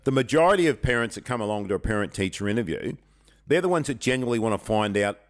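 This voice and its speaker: A middle-aged man, a teacher and podcast co-host, telling stories in a frank, colloquial, animated way. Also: fairly low pitch, quick pace. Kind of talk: casual chat.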